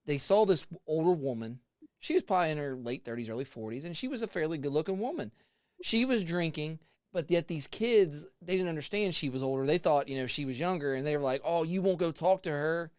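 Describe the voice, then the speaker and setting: A man in his forties who works as a haunted house actor tells a story in a casual, laughing chat, acting out other people's voices with animation. His voice is a little high and brisk with a clean tone, recorded in a clean studio with no room sound.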